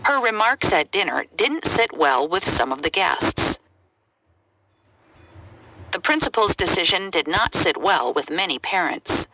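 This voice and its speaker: A woman reading English example sentences aloud in a clear, measured way for a language lesson. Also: lowish voice, big pitch swings. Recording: noisy recording.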